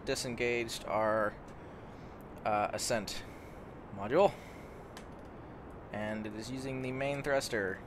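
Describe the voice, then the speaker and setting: A man's voice: mid-range voice, fairly bright tone, slight background noise. Young man, mid-range voice, casual gameplay commentator who rambles and stumbles. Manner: rambling, stumbles over words, easily amazed.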